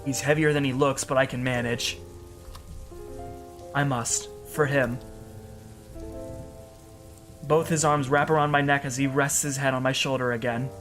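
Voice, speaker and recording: A man's voice: mid-range voice, flat delivery, unhurried, pauses often, fairly bright tone, soft background music. A man giving an earnest, emotional first-person story narration as a storyteller.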